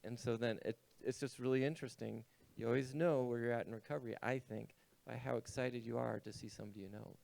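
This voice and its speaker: A man's voice: medium pitch, fairly even intonation, fast, creaky, darkish tone. A man speaking as a panelist, telling his own story in a candid, reflective way.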